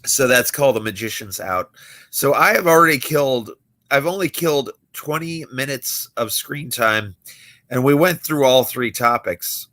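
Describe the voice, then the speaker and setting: Bright-voiced young man telling stories. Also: medium pitch, expressive, moderate pace. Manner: storytelling, acting out quoted people. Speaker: magician and livestream host. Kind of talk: casual late-night livestream chat.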